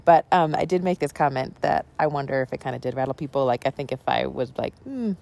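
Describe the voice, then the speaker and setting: A woman's voice: rumbling low, level tone, fast talker, vocal fry, darkish tone. A woman pastor talking casually about her sermon, rambling and conversational with many asides. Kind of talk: casual spoken reflection on a sermon.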